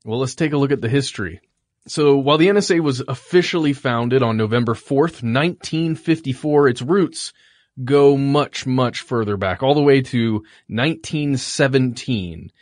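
Guy co-hosting a podcast, relaxed wry asides, dead dry mic. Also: medium pitch, moderate pace, no room sound. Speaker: podcast co-host. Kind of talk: casual chat.

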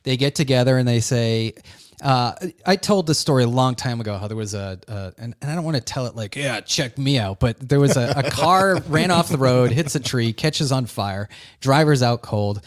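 A man hosting a casual group talk. He speaks in an animated, stop-start way, often repeating words. His pitch sits in the ordinary middle range. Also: moderate pace.

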